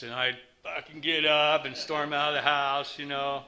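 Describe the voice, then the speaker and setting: A man's voice: a little high, level tone, normal speed, bright, forceful tone. A man in his fifties from the United States, telling his personal recovery story to a meeting in a candid, rambling way.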